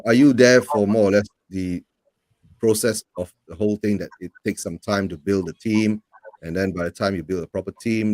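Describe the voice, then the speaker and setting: A man's voice: lowish voice, a little mellow, dry recording. A man hosting a podcast, asking football questions and ending with "right?". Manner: asks questions, tags "right?". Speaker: podcast host. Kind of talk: casual interview questions.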